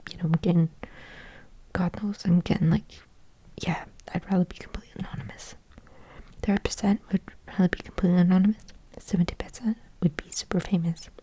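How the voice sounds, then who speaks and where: A young woman whispering a soft, musing ASMR ramble into a close microphone, thinking aloud with lots of fillers. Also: lowish voice, husky. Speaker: ASMR creator.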